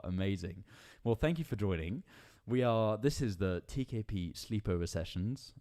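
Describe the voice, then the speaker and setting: A male band singer hosting a casual live stream, reading viewer comments aloud in a chatty, upbeat way and laughing often. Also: on the low side.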